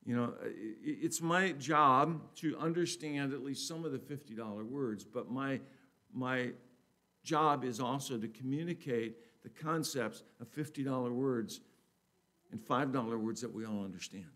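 A man preaching a sermon in a conversational way, restarting his sentences often and getting louder and higher when he reads scripture aloud. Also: normal speed. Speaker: pastor.

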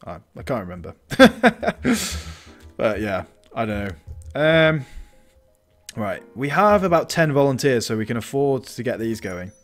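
With big swings in pitch, a mid-range voice and a measured pace, a man talks over gentle background music. He hosts a gaming channel and gives easygoing let's-play commentary on a building game, voicing his thoughts and often starting over mid-sentence.

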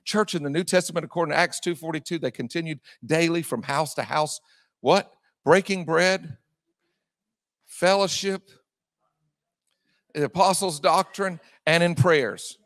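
A male pastor delivers a fiery sermon in a high-pitched, gravelly voice. He hammers phrases again and again and swings between shouting and quieter asides. The sound is close and dry. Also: a little slow, long pauses, no room sound. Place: church sanctuary.

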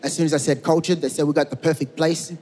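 A man's voice: fairly high pitch, fairly even intonation, darkish tone. A man doing a stand-up routine, telling it conversationally and slipping into other people's voices. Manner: conversational, imitates others in quick asides. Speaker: stand-up comedian. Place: stage in a large hall. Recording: reverberant hall with background noise.

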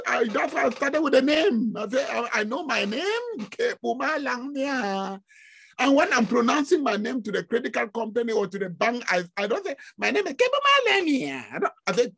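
A man from Africa giving an informal online lecture, animated and exclamatory, often breaking into laughter. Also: extremely high pitch, vocal fry, husky. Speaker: guest lecturer.

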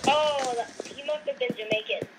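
A woman's voice: high voice, fairly even intonation, moderate pace. A woman chatting casually as a co-player, hesitant and full of ums. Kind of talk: casual chat. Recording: loud background noise on a quiet mic.

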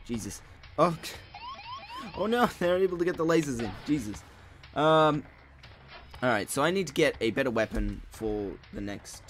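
A young man giving casual, profane commentary while playing a video game, muttering to himself and yawning now and then. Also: medium pitch. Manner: swears a lot, frustrated outbursts, mutters to himself. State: sleepy, yawning. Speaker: let's play gamer.

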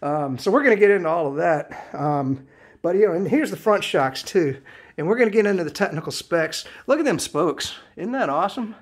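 A man's voice: high-pitched, lively intonation, fairly quick. A man in his late fifties giving a rambling, chatty scooter review, full of fillers, restarts and blunt mild swearing. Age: 50s. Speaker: product reviewer. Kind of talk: casual video review.

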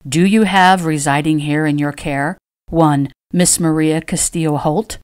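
A woman voicing a small, spectacled solicitor who speaks calmly and formally in an audiobook. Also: low voice, measured pace, clear, resonant tone. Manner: calm, formal, precise.

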